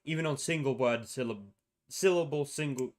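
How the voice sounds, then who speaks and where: Young guy streaming at his desk mic, talking through conlang rules, trails off and corrects himself a lot, mid pitch. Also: moderate pace. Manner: rambling, self-correcting, mutters to himself. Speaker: streamer presenting a constructed language. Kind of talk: casual livestream explanation.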